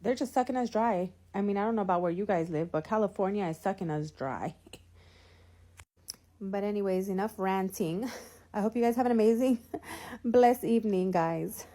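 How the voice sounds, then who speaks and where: A woman at a middle pitch rants through a long storytime, swearing freely. She circles back on herself with "whatever" and "you know" as she vents about her outing with her kids. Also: normal speed. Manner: animated, profane, rambling with many fillers. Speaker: mother venting in a clip. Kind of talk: ranting storytime. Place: California.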